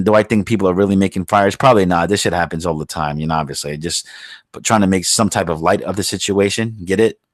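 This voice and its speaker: Profane blustering New podcast host. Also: male voice, lowish voice, no room sound. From New York. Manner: profane, rambling, joking, blue-collar bluster. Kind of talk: casual podcast chat.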